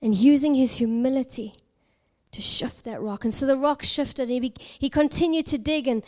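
A high-voiced woman from South Africa preaches by telling a parable. Her delivery is expressive and dramatic, and she sometimes drops to a near whisper for emphasis. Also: moderate pace. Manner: expressive, dramatic storytelling with hushed whispered moments. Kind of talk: sermon storytelling.

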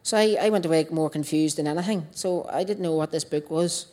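A woman's voice: deep voice, brisk, dark tone. A woman with a Northern Irish accent giving a personal testimony to a church group, telling her story in a chatty way and acting out her own past dialogue.

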